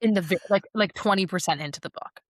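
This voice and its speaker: A woman's voice: mid-range voice, quick pace, no echo, studio quality. A young woman co-hosting a podcast in casual chat, a rambling storyteller who laughs often. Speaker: podcast co-host.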